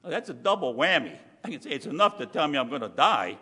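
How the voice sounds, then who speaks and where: A man preaching a sermon in a chatty, emphatic way, full of asides and slowed-down stressed words. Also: on the high side, very animated, bright, forceful tone, slightly rough. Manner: conversational preaching with frequent asides. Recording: long hall reverb.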